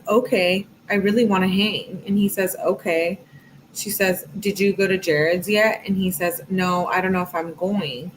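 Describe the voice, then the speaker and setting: With a mid-range voice, a woman true crime commentator casually reads out text messages with rising emphasis, mixing in sarcastic asides of her own. The recording is low quality, with slight background noise.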